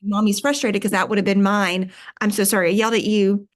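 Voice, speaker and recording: A woman co-host talks in a friendly, affirming way, summing up what her guest said and asking follow-up questions. Her voice sits at a middle pitch. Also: level tone, fairly quick. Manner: warm, affirming, summarizing. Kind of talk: conversational interview talk.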